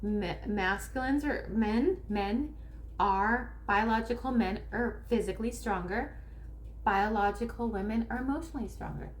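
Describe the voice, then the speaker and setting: A woman from Northern California who works as a spiritual coach and tarot reader talks casually to camera. She rambles with restarts and slows down to stress her key points. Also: medium pitch, slight background noise. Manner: rambling, with restarts and acted-out quotes.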